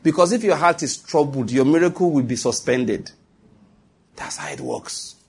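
A male preacher with a husky, breathy voice at a middle pitch delivers a sermon. He presses his points through repetition and keeps asking his listeners whether they follow. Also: huge pitch swings, moderate pace. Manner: emphatic and repetitive, with asides to the listeners. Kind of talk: sermon to a congregation.

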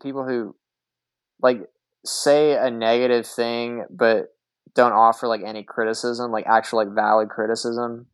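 A man in loose podcast chat, talking with lots of energy and laughing easily. His voice sits at a middling pitch and sounds close and dry, with no room around it. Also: measured pace, clear, resonant tone, no room sound. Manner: animated, laughing, profane. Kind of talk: casual chat.

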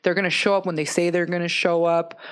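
A woman's voice: lowish voice, flat delivery, quick pace. A woman guest on a casual podcast chat. She swears freely, laughs often and tells her stories with animation. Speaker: guest entertainer.

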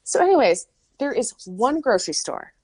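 A woman's voice: a little high, very animated, normal speed, darkish tone, dry recording. A woman host from Minnesota chatting casually, telling a story with lots of asides and "like". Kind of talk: casual chat.

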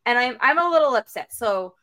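A woman co-hosting a podcast, telling a story in a lively, casual way, acting out other people's voices and swearing freely. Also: a little high, fairly quick, faint music behind. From North Carolina. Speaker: podcast co-host.

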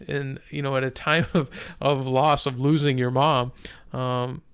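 A man's voice: mid-range voice, flat delivery, measured pace, a bit bright, clear, resonant tone, no room sound. A man in his fifties sharing a personal faith testimony in a casual, hesitant way, with frequent restarts. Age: 50s. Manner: hesitant, many restarts and fillers.

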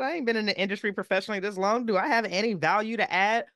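A woman guest on a podcast, telling a story in an animated, emphatic way with playful asides. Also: mid-range voice, fast talker, few pauses, no echo, studio quality.

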